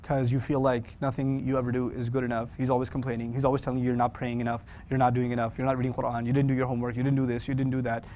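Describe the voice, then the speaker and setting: A man teaching a Quran class for young adults, lively and joking, often acting out parents and teens. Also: mid-range voice, racing, few pauses, slight background noise.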